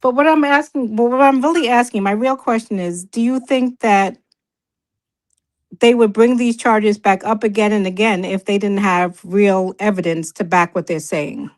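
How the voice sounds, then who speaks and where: A middle-aged woman with a New York accent argues her view in a quick, casual debate. She talks fast and often breaks off words to restart them mid-thought. Her pitch sits in an ordinary middle range for a woman. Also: rough recording.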